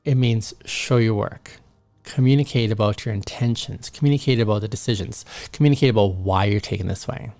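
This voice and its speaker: A man's voice: on the low side, a little fast, a little mellow, no room sound. A man hosting a motivational talk to men, earnest, acting out short dialogues as examples. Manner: earnest, acts out little dialogues. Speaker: host.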